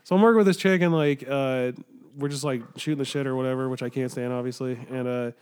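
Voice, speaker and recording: A man's voice: medium pitch, fairly even intonation, quick pace, a little mellow, clean tone. A young man chatting casually on a podcast, rambling with lots of filler words and swearing. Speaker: podcast co-host.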